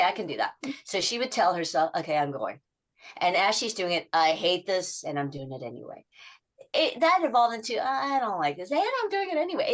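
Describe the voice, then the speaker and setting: A middle-aged habit coach with a mid-range voice appears on a podcast, telling stories about clients. She brings their quotes to life by shifting her voice in lively ways.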